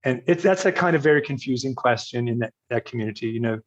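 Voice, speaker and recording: An older man from Virginia, here as a podcast guest, recounts a personal story in a loose, self-mocking way, chuckling at his own past. His voice sits at an ordinary middle pitch. The recording sounds a little dull and lo-fi. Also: quick pace. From Virginia, United States. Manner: anecdotal and self-mocking, quotes others, laughs at himself. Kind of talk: storytelling in a casual interview. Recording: slightly dull, lo-fi audio.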